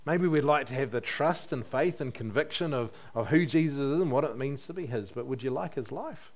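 A man's voice: mid-range voice, lively intonation, brisk. A man preaching a sermon in a conversational way, asking his listeners questions and adding light humor.

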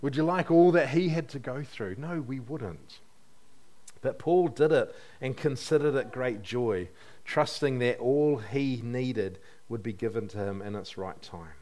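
A man's voice: mid-range voice, a little slow, darkish tone. Guy giving a sermon, chatty, asks the crowd stuff, bit of humor. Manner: conversational, asks the congregation questions, light humor. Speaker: preacher.

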